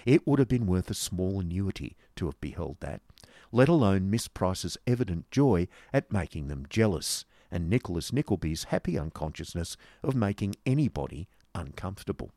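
A man narrating a classic novel as an audiobook, in an expressive storytelling manner. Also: sits low, moderate pace, dry recording.

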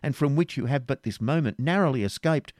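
Brief: man playing a loyal young knight, earnest and pleading, raised pitch, dry close sound. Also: fairly quick, darkish tone, dry recording, natural voice. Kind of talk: audiobook reading.

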